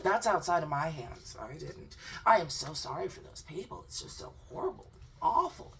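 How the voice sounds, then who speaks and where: A woman voicing a mocking impression of a prissy young man who plays innocent, in slow, drawn-out, mock-indignant speech. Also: low voice, expressive, distant mic. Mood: whiny self-pitying.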